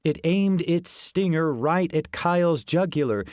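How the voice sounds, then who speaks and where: A man narrating a fantasy audiobook in the first person, with steady, even storytelling. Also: fairly high pitch, unhurried, dry recording, clean studio sound.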